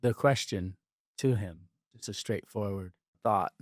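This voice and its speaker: A man's voice: lowish voice, measured pace, dry recording, clean studio sound. A man interviewing a friend, asking short questions and reacting with encouraging remarks. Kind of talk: conversational interview.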